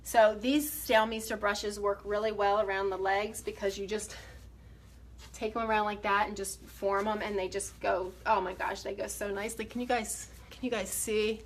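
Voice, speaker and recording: A woman's voice: medium pitch, level tone, normal speed. Woman, furniture painter, casual how-to chat, enthusiastic, slightly out of breath, phone camera recording, faint hum behind her. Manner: chatty, enthusiastic, addresses viewers directly. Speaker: furniture refinisher.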